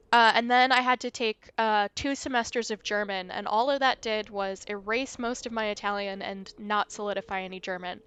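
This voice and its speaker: A woman's voice: medium pitch, a bit bright, clear, resonant tone. A woman hosting a game livestream, chatting in a rambling, self-deprecating way. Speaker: livestream host. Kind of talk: casual let's-play chat.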